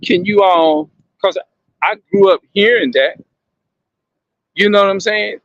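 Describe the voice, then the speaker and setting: Gravelly man musing aloud to viewers. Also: high voice, unhurried, a bit bright, no room sound, lo-fi sound. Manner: questioning, repetitive, emphatic. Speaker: commentator addressing viewers. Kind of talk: casual monologue to viewers.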